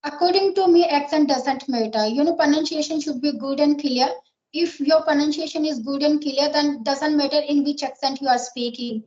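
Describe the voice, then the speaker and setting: A woman's voice: high voice, moderate pace, a little mellow. A woman with an Indian accent, an English learner earnestly explaining her daily practice in a casual conversation. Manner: earnest, explains at length with many fillers. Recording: echoey, dull lo-fi sound.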